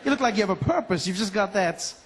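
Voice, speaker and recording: A man from Africa, performing a lively stand-up comedy routine and acting out voices. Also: high voice, fast, breathy edge. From South Africa. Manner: animated, acts out voices and laughs.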